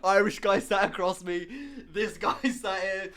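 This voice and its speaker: High-voiced excitable young man streamer. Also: a little slow, clean tone. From Somerset, England. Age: young adult. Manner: excitable storytelling, swears and laughs often. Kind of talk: casual chat while painting on stream.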